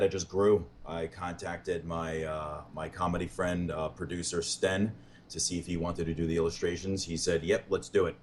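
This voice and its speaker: A man's voice: low voice, a little hiss or hum. A man, a comedian guest, telling dating stories in a casual interview and acting out what people said. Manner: animated, quotes people in dialogue.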